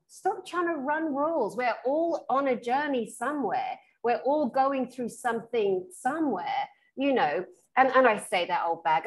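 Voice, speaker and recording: A British woman, a spiritual therapist, telling stories in a frank, lively, casual chat. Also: on the high side. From Britain. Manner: animated storyteller who acts out the people she quotes; frank and blunt, laughs through her stories.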